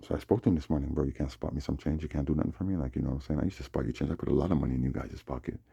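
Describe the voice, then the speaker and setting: Man, agitated vlog rant; very low, raspy voice with fry, mellow, dry close mic. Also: fairly even intonation, racing, dry recording. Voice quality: husky, gravelly. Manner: agitated, repeats himself, acts out the other people's lines. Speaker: vlogger. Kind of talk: rambling monologue recounting a dispute.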